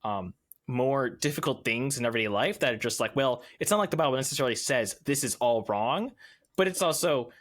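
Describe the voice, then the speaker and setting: Podcast co-host, male, mid-pitched, rapid and eager explainer. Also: animated, a bit bright. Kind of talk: casual chat.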